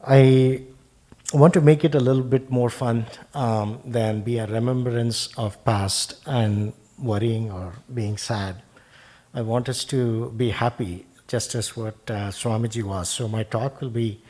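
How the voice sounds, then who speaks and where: A man from Tamil Nadu giving a lighthearted memorial talk, quietly recounting jokes with fillers. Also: fairly low pitch. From Tamil Nadu, India. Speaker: devotee speaking at a memorial. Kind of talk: lighthearted remembrance speech.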